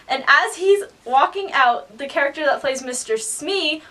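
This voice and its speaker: Brief: young woman vlogger, high voice, excitable storyteller, sits a bit back from the mic. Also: normal speed, far from the mic. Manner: excitable, acts out quotes in high squeals. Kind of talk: storytime vlog.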